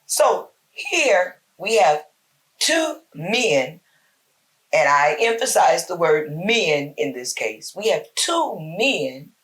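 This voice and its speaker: Woman host, folksy devotional preacher; unhurried, deliberate, lower pitch. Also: big pitch swings, a bit bright. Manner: slow, emphatic, folksy preaching with repetition. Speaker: host giving a short Bible talk. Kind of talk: informal spoken devotional.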